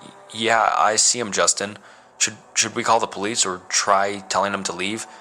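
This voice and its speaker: A man's voice: on the low side, level tone, normal speed, bright, forceful tone, faint music behind. A man voicing a frightened young woman in a spoken horror story, stammering and pleading.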